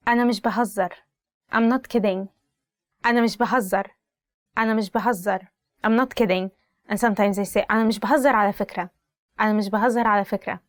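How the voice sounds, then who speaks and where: Brisk, chatty Egyptian woman teaching phrases. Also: on the high side, steady tone, dry recording, clean studio sound. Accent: Egyptian Arabic. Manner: chatty, peppered with "like", acts out scolding parent lines. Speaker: language teacher. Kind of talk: language lesson, phrases repeated with translations.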